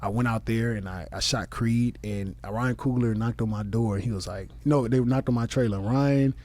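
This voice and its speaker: A man's voice: medium pitch, normal speed. Man telling a profane story. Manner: animated, profane anecdote telling with quoted voices. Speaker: comedian guest. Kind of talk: casual storytelling. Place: podcast studio.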